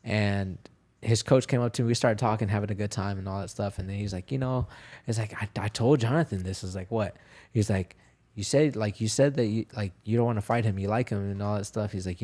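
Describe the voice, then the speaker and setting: A young man telling fight stories as a podcast guest, casual, profane and animated, acting out the quotes. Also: fairly low pitch. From Texas, USA. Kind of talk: casual storytelling interview.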